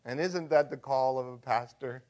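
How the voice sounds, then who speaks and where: A man preaching a sermon as pastor, shifting from hushed and conversational to loud and emphatic. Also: mid-range voice, moderate pace.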